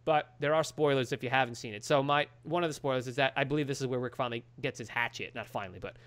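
Male podcast co-host, mid-pitched, animated casual recap voice, acts out the quotes. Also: fast talker, clean tone. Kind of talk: casual chat.

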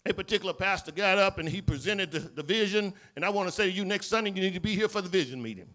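A male pastor with a Southern accent, preaching a sermon and acting out the dialogue of biblical scenes, swinging between loud cries and low murmurs. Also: fast. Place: church sanctuary.

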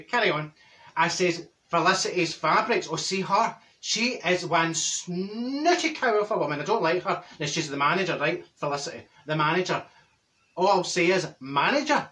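A man's voice: a little high, pushed and bright, far from the mic. A man playing a gossipy Glaswegian woman. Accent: Glaswegian Scottish. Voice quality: rambling, gossipy, full of asides and restarts. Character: chatty Glaswegian middle-aged woman gossip. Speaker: comedy character vlogger. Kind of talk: comic character monologue.

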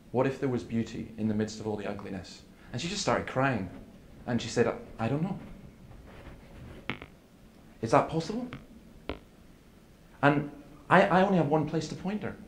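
Recorded in an echoey hall where faint room noise lingers, a gravelly, mid-range male voice delivers an earnest seminar talk. The speaker, a preacher, weaves stories full of quoted dialogue.

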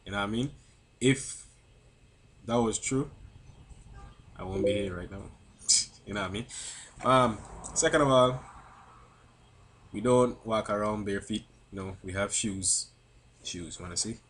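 Crucian-accented young man, low voice. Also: unhurried, pauses often, fairly bright tone, a little hiss or hum. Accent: Crucian (St. Croix) English. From St. Croix, US Virgin Islands. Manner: chatty, keeps asking "you know what I mean?". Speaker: vlogger. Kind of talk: casual chat to camera.

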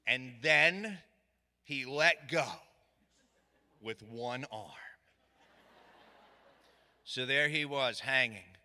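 A middle-aged man from Virginia, telling a comic story live on stage with dry asides and loud shouted lines. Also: mid-range voice, very slow, long pauses. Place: stage in a hall. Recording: echoey hall reverb.

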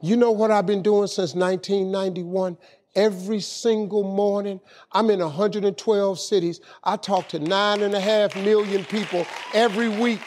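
A middle-aged man telling an animated motivational story, often repeating "man" as filler. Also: high voice, normal speed, a faint crowd. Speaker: motivational speaker. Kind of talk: storytelling speech.

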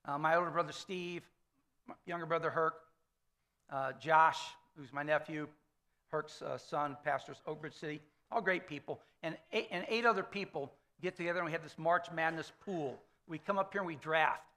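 In a church sanctuary, a fifty-something pastor speaks to his congregation at normal speed, his high, bright voice ringing forcefully. His sermon is conversational storytelling, peppered with frequent "okay?" check-ins.

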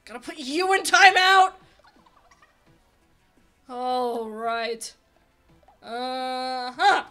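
A young woman giving casual, excitable game commentary and chatting to the characters on screen. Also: high voice, drawn-out words, soft background music. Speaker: let's play host.

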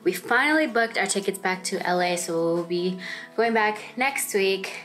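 A woman's voice: medium pitch, moderate pace, a bit bright, soft background music. A young woman vlogging casually at home in her apartment, chatty and bubbly, laughing often as she talks to the camera. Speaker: vlogger and new mom.

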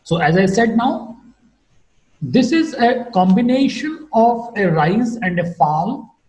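Male lecturer, high and very lively pitch, unhurried classroom delivery, echoey room. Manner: slow, deliberate teaching with wide pitch swings. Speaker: English phonetics lecturer. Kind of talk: recorded online lecture.

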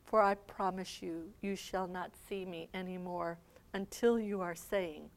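A woman reading aloud the words of an angry, grieving male prophet, scolding loudly and then lamenting quietly. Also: mid-range voice, very animated, slow.

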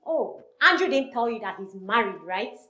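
An actress with a Nigerian accent playing a betrayed wife who shouts and repeats herself. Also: female voice, a little high, animated, normal speed, reverberant. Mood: furious. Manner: screaming, repetitive shouting. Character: betrayed wife, furious and loud, woman.

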